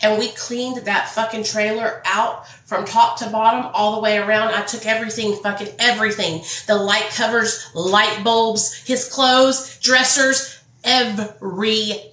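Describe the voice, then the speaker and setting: A woman's voice: a little high, fairly even intonation, unhurried, a bit bright, reverberant, rough recording. A woman telling her own story to viewers in a casual, blunt, profane vlog. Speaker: vlogger.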